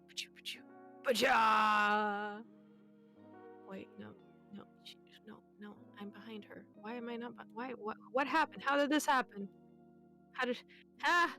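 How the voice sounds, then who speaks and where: A playful, giggly woman chats casually on a stream with a gravelly, fry-laced voice at a middling pitch. Faint music plays behind her. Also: sharp tone. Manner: playful and giggly, with frequent laughs and goofy noises. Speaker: guest streamer.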